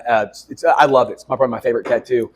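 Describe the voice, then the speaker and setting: A man's voice: medium pitch, steady tone. A male podcast host asking eager questions in a casual interview, often restarting his sentences. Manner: fast, eager, repeats himself with restarts.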